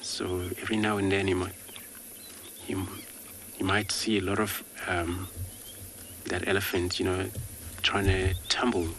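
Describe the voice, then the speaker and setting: A man's voice: low voice, a little slow, pauses often, a little hiss or hum. A man working as a safari guide, giving live wildlife commentary outdoors in a loose, easygoing way full of filler words. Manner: relaxed, many filler words.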